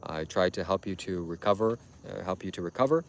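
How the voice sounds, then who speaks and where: A man's voice: low-pitched, brisk, creaky. A man hosting a livestream, talking to his chat in a preachy, insistent, repetitive way. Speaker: livestream host. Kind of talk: livestream monologue addressing chat.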